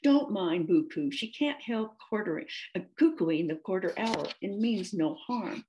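A woman's voice: mid-range voice, animated, measured pace, warm tone, lo-fi sound, slight background noise, lightly acted. A woman voicing a cheerful, toothy male crocodile companion in a storybook reading.

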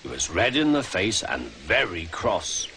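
A man narrating a children's storybook in a clear, measured way. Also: low voice, very animated, sharp tone, slight background noise. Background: music.

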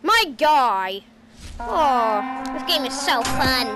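A woman giving casual commentary while playing a VR sword game, excitable and prone to sudden yelps. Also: high-pitched, measured pace. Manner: excitable, bursts of yelps and exclamations. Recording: game music playing behind the voice. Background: game music.

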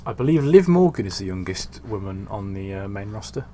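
Deadpan man with dry humor. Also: fairly low pitch, fairly quick, a little hiss or hum. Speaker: host. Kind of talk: casual gaming commentary.

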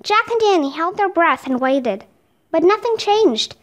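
High, lively woman reading a story. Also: measured pace. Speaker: storybook reader. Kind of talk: children's book read aloud.

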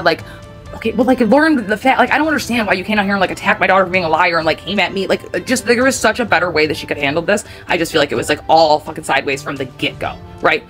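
A woman's voice: on the low side, fast, a bit bright, faint music behind. A woman with a heated, rambling manner, full of "like" and swearing, casually telling a personal story to her viewers. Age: adult parent of a nine-year-old.

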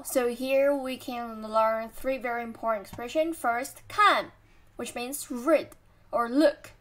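A woman teaching vocabulary, drilling each word slowly and asking the listener to repeat after her. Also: sits high. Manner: slow, drawn-out repetition of words and tones. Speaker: Mandarin teacher.

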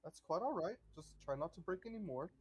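A man's voice: sits high, lively intonation, quick pace, a little mellow, slightly rough, voice pushed up, low-quality recording. A man voicing a fussy, polite ghost butler who does not know he is dead. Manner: prim, polite, fretful.

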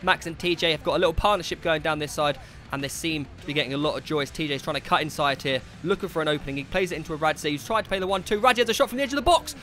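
A young Englishman calls an amateur football match in a bright, forceful voice pitched a little high. He chats casually between plays and erupts into shouts when the ball flies in. Faint music runs underneath. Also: racing. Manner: chatty and excitable, shouts at big moments. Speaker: commentator of his team's amateur football match. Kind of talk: excited football commentary.

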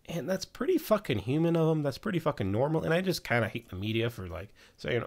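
Gravelly young man recapping football news. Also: a little high, big pitch swings, quick pace. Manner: casual, swears a lot. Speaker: sports news host. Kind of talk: casual NFL news recap.

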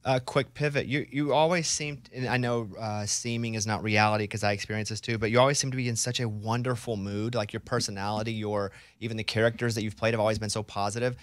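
A man hosting a radio show, asking questions in a quick, joking, self-mocking way. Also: fairly low pitch, steady tone, no echo. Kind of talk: casual interview chat. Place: radio studio.

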